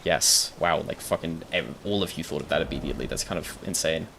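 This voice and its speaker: A man's voice: a bass voice, a little fast, vocal fry, fairly bright tone, a little hiss or hum. A young British man chatting casually on a live stream while gaming, thinking aloud, answering chat and swearing now and then. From Britain.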